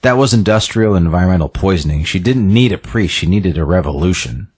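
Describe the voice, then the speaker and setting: A man's voice: low voice, expressive, fast, darkish tone, breathy edge. A man voicing a weary, guilt-ridden middle-aged priest in a tired, self-doubting way. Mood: bitter.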